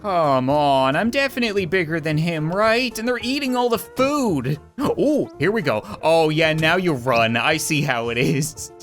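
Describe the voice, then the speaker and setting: A man's voice: on the high side, expressive, unhurried, fairly bright tone, soft background music. A man giving jokey, sarcastic let's play commentary as a gaming YouTuber, often talking to the creatures in the game.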